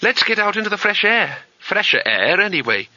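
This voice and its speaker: Guy doing a brisk practical young woman, higher voice, dry sound. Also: sing-song, sharp tone, no echo, heavily acted. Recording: slightly dull, dry audiobook recording.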